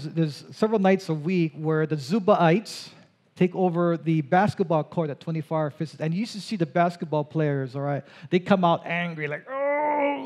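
Male pastor, fairly high mellow voice, lively onstage interviewer. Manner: animated, chatty with asides and repeated words. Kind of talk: onstage interview in a church service.

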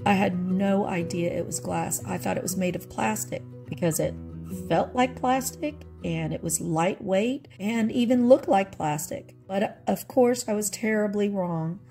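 A woman's voice: mid-range voice, measured pace, creaky, warm tone, soft background music. A middle-aged woman vlogger chatting about her thrift finds in a nostalgic, friendly way, laughing often. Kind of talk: casual show-and-tell narration.

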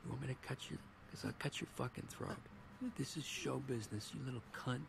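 A man's voice: mid-range voice, fairly quick, creaky. An actor playing a crude, menacing male talent manager who swears and threatens in harsh whispers, over a noisy cartoon soundtrack.

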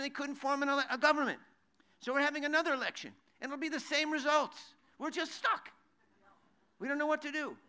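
A man's voice: high-pitched, sharp tone. A man teaching a sermon, conversational, with many rhetorical questions and restarts, reading verses in Hebrew and translating them. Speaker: Bible teacher.

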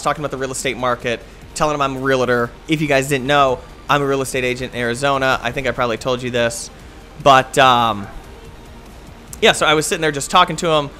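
Playing a game on his video, a young host spins a loose, easygoing tale packed with filler words like "uh" and "like." His voice is medium in pitch with a sharp tone, and the talk is relaxed gameplay commentary and storytelling.

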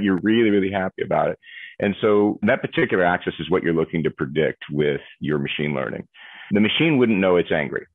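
A man being interviewed as a guest, explaining technology in an animated way and acting out examples. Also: low-pitched, brisk, gravelly, no room sound. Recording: dry, tinny phone-like audio.

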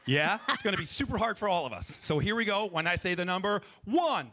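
Upbeat high-voiced man leading a crowd. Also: brisk, hardly any pauses, a little hiss or hum. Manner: energetic, playful, coaching. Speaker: improv performer leading an audience exercise. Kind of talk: stage workshop talk with freestyle rap. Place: large festival stage before a live audience.

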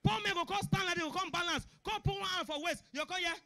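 A young man with a Nigerian Pidgin accent doing a stand-up comedy routine, shouting punchlines and acting out characters. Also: extremely high pitch, fast. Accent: Nigerian Pidgin English.

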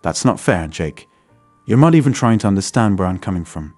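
A man's voice: low-pitched, animated, brisk, a little mellow, dry recording, soft background music. A man voicing a restless young wife who is earnestly and defensively arguing for an open marriage.

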